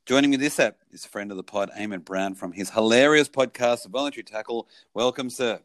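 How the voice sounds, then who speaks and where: A man's voice: mid-range voice, brisk, dry recording. A man hosting a casual podcast chat, wry and joking. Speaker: podcast host.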